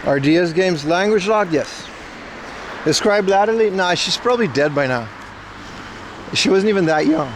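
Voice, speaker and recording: A man's voice: high voice, lively intonation, moderate pace, long pauses, slight background noise. Rambling man livestreaming outdoors. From Caribbean. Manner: chatty, rambling, joking with chat. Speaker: IRL livestreamer. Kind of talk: casual livestream chat. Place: outdoors walking through streets. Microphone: camera rig carried while walking.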